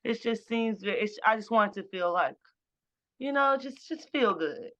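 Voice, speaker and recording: A woman musician chatting casually in an interview, animated and jokey, often restarting her sentences. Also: a little high, moderate pace. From Boston. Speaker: musician guest.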